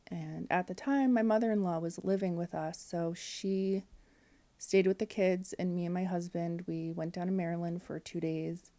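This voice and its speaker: Mellow-voiced woman telling a family story. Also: lowish voice, fairly even intonation, moderate pace. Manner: candid, emotional, with frequent fillers and quoted dialogue. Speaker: podcast guest. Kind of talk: personal storytelling in conversation.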